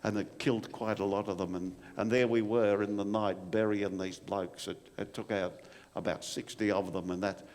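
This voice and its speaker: A man's voice: fairly low pitch, steady tone, normal speed, darkish tone, lightly acted. A man with an Australian accent playing an old bushman telling a rambling, stammering storytelling monologue about his soldiering days. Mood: reminiscing. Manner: rambling, stammering yarn with repeated "and, and". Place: live performance venue. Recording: long reverb in a venue hall.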